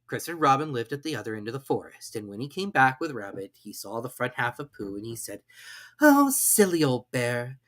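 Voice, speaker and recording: A narrator giving a calm, expressive storybook reading. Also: medium pitch, quick pace, hardly any pauses.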